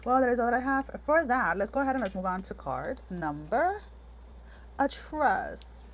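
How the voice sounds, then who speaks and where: A woman's voice: a little high, very animated, moderate pace, a little hiss or hum. A woman giving a casual pick-a-card tarot reading, talking frankly and rambling with lots of fillers and restarts. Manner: chatty, meandering, many fillers and restarts; frank, direct address to the viewer. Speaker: tarot reader.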